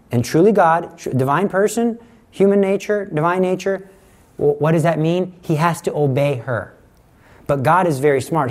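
A middle-aged man giving a conversational sermon, teaching with lively examples and acted-out quotes. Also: fairly high pitch. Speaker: preacher.

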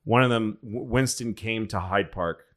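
A man's voice: lowish voice, normal speed. A man telling history stories in a rambling, profane, casual way as a podcast co-host. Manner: rambling, profane, acts out quotes.

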